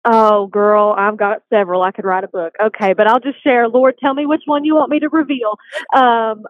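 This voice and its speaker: A woman, a guest telling her faith testimony in an earnest, animated way. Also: a little high, no room sound. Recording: dry, tinny phone line.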